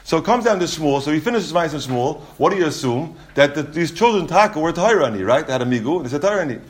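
A man teaching a Talmud class, reading out Aramaic passages and explaining them in English with quick repeated restarts. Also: fairly high pitch, expressive.

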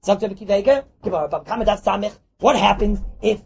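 A man's voice: high-pitched, racing, vocal fry, a little hiss or hum. A man teaching a Talmud class, acting out little dialogues and repeating his points for emphasis. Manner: acts out dialogues, mixes Yiddish and Hebrew terms, repeats points. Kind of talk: animated Torah lecture. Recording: dull lo-fi recording.

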